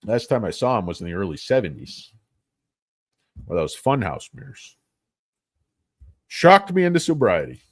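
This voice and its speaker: A man's voice: lowish voice, big pitch swings, moderate pace, long pauses, no echo, studio quality. A man hosting a casual stock trading livestream, rambling and joking as he talks. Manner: rambling, joking, bouncy delivery.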